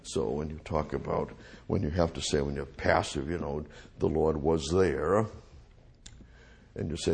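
A man's voice: very deep voice, fairly even intonation, a little slow, gravelly, a little mellow, breathy edge. A man teaching the Bible verse by verse, repeating phrases and restating each verse in plain everyday words.

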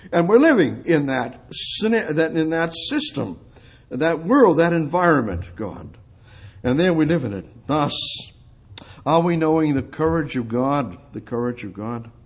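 Fervent male preacher, husky and fairly high, bursts loud then drops to a hush. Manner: fervent, repetitive, swings between loud outbursts and hushed prayer. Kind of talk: sermon.

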